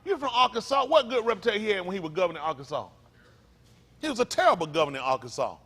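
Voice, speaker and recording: Preaching to his congregation, this male pastor is fiery and slangy, throwing rhetorical questions at the listeners. He lurches between quiet mutters and abrupt loud outbursts, racing along in a very animated way with a breathy edge.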